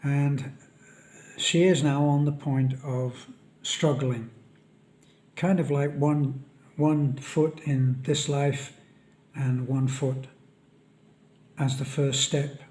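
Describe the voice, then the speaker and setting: A man speaking a solemn, halting vlog monologue on a death in a friend's family. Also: medium pitch, steady tone, a little mellow. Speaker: vlogger. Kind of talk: reflective monologue.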